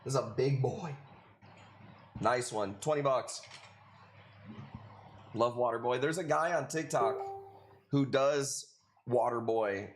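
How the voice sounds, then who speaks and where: Man, live-stream seller, casual banter, joking and crude, average pitch. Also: slow, long pauses, a little hiss or hum. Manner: joking, profane, talks to chat.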